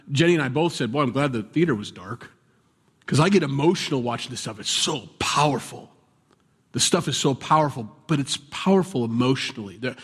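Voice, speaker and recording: A man preaching a sermon in a relaxed, conversational way, now and then raising his voice in animated bursts. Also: mid-range voice, husky. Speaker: pastor. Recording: long hall reverb.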